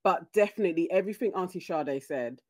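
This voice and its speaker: A woman's voice: lowish voice, animated, fast, dark tone. Earnest encouraging British woman host. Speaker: panel host, advice-giving auntie. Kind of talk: casual panel chat.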